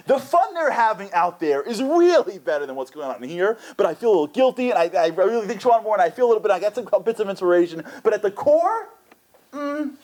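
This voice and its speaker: A man giving an inspirational lecture at a community center, animated and acting out voices with big jumps in pitch.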